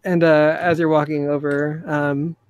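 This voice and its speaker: Man, game master, relaxed narration, slightly high, dry mic. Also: a little slow, smooth, no echo, highs cut off. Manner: laid-back, chuckling.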